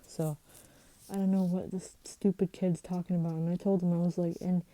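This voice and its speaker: A woman's voice: fairly low pitch, flat delivery, moderate pace, dark tone, no echo, rough recording. A woman vlogger telling a story in a rambling, heated way, swearing and restarting often. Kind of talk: casual storytelling vlog.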